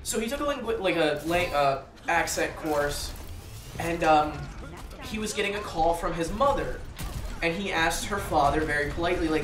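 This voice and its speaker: A man's voice: on the high side, moderate pace. A man hosting a gaming channel, chatting casually while he plays and rambling with lots of fillers and restarts. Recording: roomy echo, distant mic.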